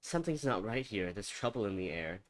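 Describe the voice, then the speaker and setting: A man's voice: fairly low pitch, expressive, a little fast. A man casually chatting and swearing while playing a game with friends on a stream. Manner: laughing, swearing, playful. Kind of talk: casual gaming chat. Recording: loud background noise.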